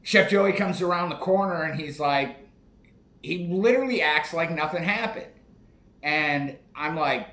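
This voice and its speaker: A man's voice: a little high, unhurried, a bit bright. A man in his forties telling a story in a casual, profane, rambling way, often restarting his sentences. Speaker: podcast host. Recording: echoey room, faint noise.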